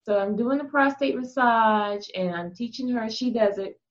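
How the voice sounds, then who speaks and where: A woman guest on a podcast, telling an explicit anecdote in a frank, lively, casual way. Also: on the high side, moderate pace, lo-fi sound. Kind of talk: casual candid storytelling.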